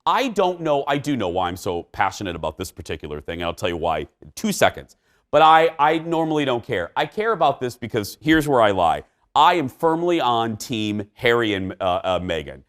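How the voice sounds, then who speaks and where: A man's voice: mid-range voice, sing-song, fairly quick, a bit bright. A middle-aged man hosting a talk show, giving his opinions in a fired-up, emphatic way.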